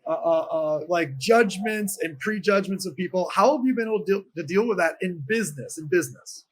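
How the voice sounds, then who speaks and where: A man's voice: high voice, a little fast, slightly rough. A man hosting an interview who puts his questions hesitantly, searching for words as he goes. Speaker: show host.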